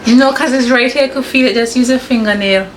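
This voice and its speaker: A woman in her thirties with a Caribbean English accent, chatting casually to her viewers and her husband at home, giggly and warm. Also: a little high, fast talker, a little hiss or hum. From Caribbean, grew up in Anguilla. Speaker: vlogger. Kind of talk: casual home vlog chat. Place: home, indoors.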